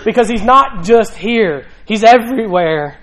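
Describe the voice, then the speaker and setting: A man's voice: sits high, lively intonation, a little slow, a bit bright, poor audio. A male pastor preaching a sermon in a church, talking conversationally with rhetorical questions and emphatic repetition.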